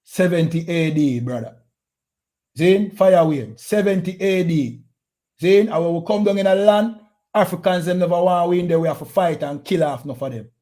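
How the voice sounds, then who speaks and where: Jamaican guy preaching hard, high voice but dark mellow tone, keeps repeating himself. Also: a little fast. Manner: forceful, confrontational, repeats phrases. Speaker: street preacher. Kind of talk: heated street preaching.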